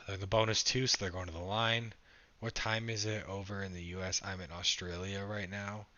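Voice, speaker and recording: A young man talks through a live game on a stream, calling the score and replying to his chat. His voice is fairly low but sharp and forward, with a frustrated, casual edge. The audio is dull and lo-fi. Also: level tone, normal speed. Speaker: livestreamer reacting to a game.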